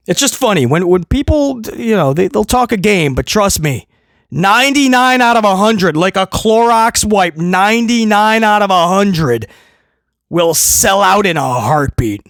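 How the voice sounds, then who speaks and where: A man reviewing a wrestling show in casual commentary, animated and full of mocking asides and quick impressions. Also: high voice, no echo.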